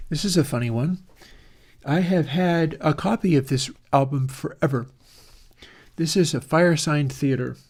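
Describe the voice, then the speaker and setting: A man with a slightly high, gravelly voice and a darkish tone runs a channel about audio plugins. In relaxed, rambling chat he works through ideas out loud, using fillers and self-corrections.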